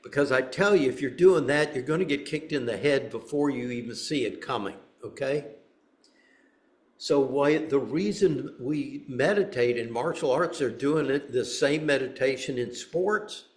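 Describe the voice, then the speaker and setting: A man's voice: mid-range voice, moderate pace, echoey room. A man teaching a meditation group, speaking in a loose, conversational way with frequent restarts. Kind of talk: dharma talk.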